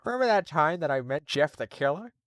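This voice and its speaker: A man putting on a rough impression of a loud, dim-witted middle-aged cartoon dad, with a brash, goofy way of exclaiming. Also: on the high side, sing-song, quick pace, no echo, clean studio sound, pitched above the performer's own voice.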